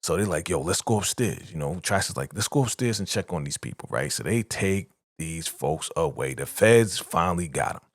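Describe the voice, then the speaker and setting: A low-pitched man talks through a TV episode in a loose, animated recap, jumping in and out of the characters' lines. The sound is dry and close, with no room around it. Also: dry recording. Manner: animated retelling, quoting characters in quick bursts. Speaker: show reaction host.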